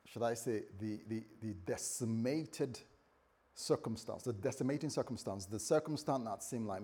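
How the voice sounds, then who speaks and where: A man's voice: medium pitch, moderate pace, warm tone, husky. A man preaching a conversational sermon, often repeating words and acting out the voices he quotes.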